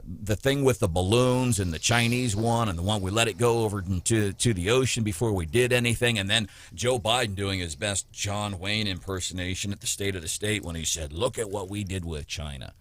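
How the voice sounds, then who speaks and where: A man with a Midwestern American accent hosting a morning radio show, rambling and joking sarcastically. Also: fairly low pitch. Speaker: radio host. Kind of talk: casual talk radio banter. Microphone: studio mic.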